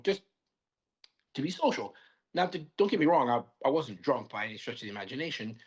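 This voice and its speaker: Podcast guest, young adult man, chatty storyteller who restarts sentences a lot; average pitch, muffled audio. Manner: rambling, lots of "like" fillers and restarts. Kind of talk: casual storytelling chat.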